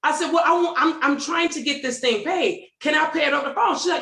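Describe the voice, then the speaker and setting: Detroit woman, host, high voice, storyteller with echoey call audio. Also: fast talker, creaky, hardly any pauses. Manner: animated, laughing, acts out quoted voices. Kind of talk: casual storytelling. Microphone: video call.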